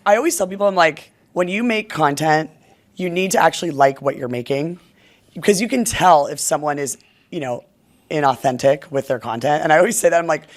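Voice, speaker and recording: Podcast host, mid-pitched voice, chatty and upbeat. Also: brisk. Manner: upbeat, chatty, filler-heavy. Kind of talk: casual podcast conversation.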